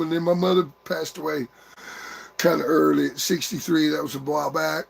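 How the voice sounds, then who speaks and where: An older man, grieving, talking casually to viewers in a halting, rambling way full of pauses. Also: a little high, little pitch movement, creaky.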